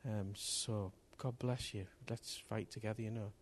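A man preaching a sermon to a congregation, impassioned and building to loud bursts. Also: lowish voice, steady tone, a little slow, a little hiss or hum. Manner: impassioned, rising to loud outbursts. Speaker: pastor. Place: church hall with congregation.

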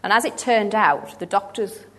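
Woman, 30s, earnest church testimony, halting delivery, mid-range voice. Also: medium pitch, a bit bright. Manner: earnest, halting, with many restarts. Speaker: church member giving testimony. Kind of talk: personal testimony storytelling.

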